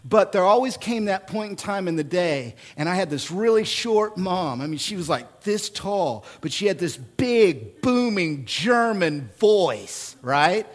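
A middle-aged man preaching a sermon as pastor, moving from hushed prayer to loud, animated storytelling. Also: high-pitched, measured pace, few pauses.

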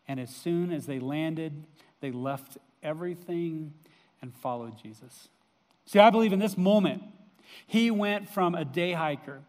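A man's voice: on the high side, moderate pace, darkish tone. A man preaching a sermon in a conversational storytelling way, with fillers. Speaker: pastor. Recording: long reverb of a hall.

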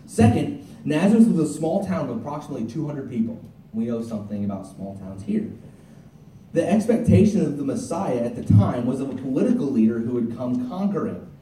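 Dark-voiced man preaching in a roomy hall. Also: mid-range voice, very animated, fairly quick, a little hiss or hum. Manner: conversational, with frequent restarts and asides. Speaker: pastor. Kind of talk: sermon. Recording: roomy, from a distance.

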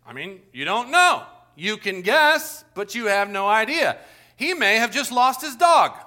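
A man preaching a sermon as pastor, talking straight to the congregation and telling lively stories. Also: high-pitched.

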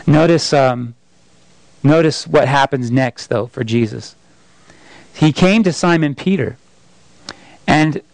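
Man, sermon, unhurried delivery, slightly high voice, dry close sound, questions to the listeners. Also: clear, resonant tone, no echo, low-quality recording. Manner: conversational, asks the listeners questions. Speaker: pastor.

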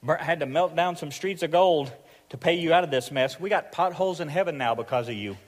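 A man with a Southern accent voicing God as a grumbling benefactor, in mock-deadpan tones close to his own voice. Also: on the high side, a little fast, long reverb tail, close to an everyday voice. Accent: Southern US (Arkansas).

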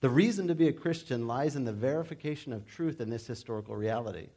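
A male pastor preaching in a relaxed, conversational way. He shifts into animated, humorous asides, and his voice sits at a middle pitch. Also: quick pace. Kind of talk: sermon.

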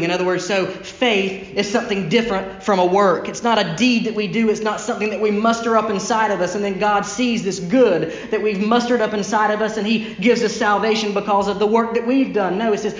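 A male pastor preaching a sermon from the pulpit, pressing points with repeated phrases and dropping low and slow on key lines. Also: roomy sound. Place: church sanctuary, from the pulpit.

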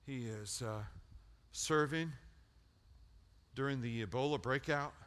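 Animated preacher, bright and emphatic. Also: male voice, medium pitch, takes it slowly, smooth. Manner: animated, shifting from loud emphatic peaks to quiet intensity; storytelling, self-deprecating, repeats words for emphasis. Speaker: pastor. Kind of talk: sermon.

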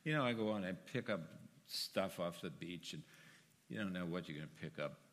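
Deep-voiced older man giving church testimony. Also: animated, normal speed, long reverb tail. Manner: earnest storytelling, dropping quiet then rising loud and emphatic. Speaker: church member speaking to his congregation. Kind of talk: personal testimony. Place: church sanctuary.

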